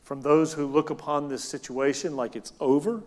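A man preaching a sermon as pastor, animated, moving between loud emphatic lines and soft, quiet ones. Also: fairly high pitch, normal speed. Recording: long hall reverb.

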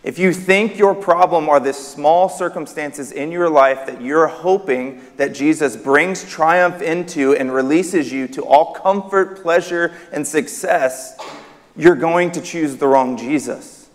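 A man's voice: on the high side, a little slow. A man preaching a sermon in a church hall, emphatic, his voice rising on key words. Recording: long reverb of a hall.

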